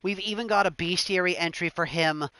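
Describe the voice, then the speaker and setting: A woman's voice: lowish voice, brisk, a bit bright, no room sound. A woman giving casual commentary on a blind game playthrough, openly emotional, exclamatory and swearing freely. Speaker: gamer streaming a blind playthrough.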